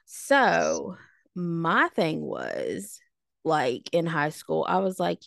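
A woman in her late thirties, a podcast co-host telling high school stories in a snarky, animated way. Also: very slow, creaky, no echo, clean studio sound. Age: late 30s. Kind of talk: casual storytelling chat.

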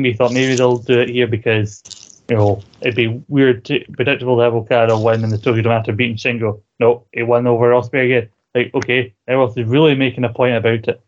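A man co-hosting a podcast, chatting casually about wrestling, laughing often and swearing freely. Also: mid-range voice. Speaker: podcast co-host. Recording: dull lo-fi recording.

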